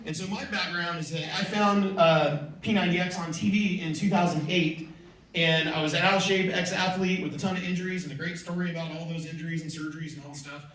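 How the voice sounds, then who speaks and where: Speaking fast before an audience in a big hall, a middle-aged motivational speaker from California tells stories and performs the quoted conversations. His voice is on the high side, a bit bright, with fairly even intonation. A distant mic picks up the hall's echo.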